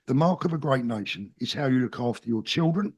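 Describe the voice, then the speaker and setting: A man's voice: mid-range voice, lively intonation, fairly quick, a little mellow, breathy edge. A middle-aged man with a South London accent, a guest talking in an interview in an earnest, plain-spoken and emphatic way. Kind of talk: casual interview talk.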